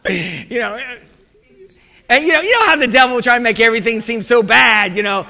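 A man preaching a sermon as a pastor, telling a rambling story with laughs, asides and sudden shouted exclamations. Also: very high voice, animated, fairly quick. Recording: long reverb in a large hall.

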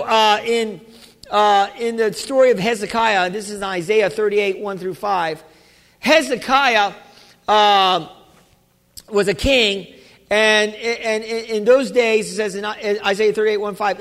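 A man preaches a sermon in a church, his voice set very high for a man. He halts and restarts often, then rises to shouts. A long reverb from the large hall trails behind every phrase. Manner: halting preacher, many restarts, rising to shouts. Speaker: pastor.

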